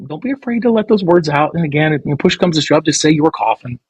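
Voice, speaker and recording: A man's voice: fairly high pitch, lively intonation, quick pace, breathy edge, no echo, rough recording. A man hosting a podcast, rambling through bawdy, playful banter and acting out quoted lines. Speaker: podcast host. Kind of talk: crude comedic podcast banter.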